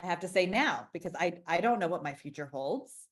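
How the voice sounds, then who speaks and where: A woman's voice: fairly low pitch, expressive, fairly quick. Frank, emphatic woman in her forties. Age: 40s. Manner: frank and emphatic, restarts often, swears. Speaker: interview guest, business founder. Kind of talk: candid conversational interview.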